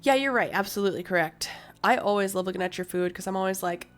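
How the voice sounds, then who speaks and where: A woman's voice: medium pitch, fast, soft background music. A woman streamer at home doing giggly, playful let's play commentary.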